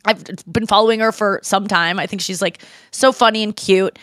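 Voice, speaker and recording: A woman hosting a podcast, chatting casually and telling lively stories, mimicking other people's voices in quotes. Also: mid-range voice, moderate pace, no echo, clean studio sound. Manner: animated storyteller who mimics voices in quotes. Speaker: podcast host. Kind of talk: casual chat.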